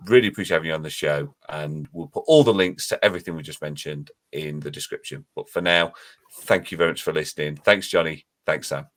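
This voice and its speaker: Deep-voiced man hosting a podcast. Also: lively intonation, fast, fairly bright tone. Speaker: podcast host. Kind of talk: casual podcast chat and outro. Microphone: remote call.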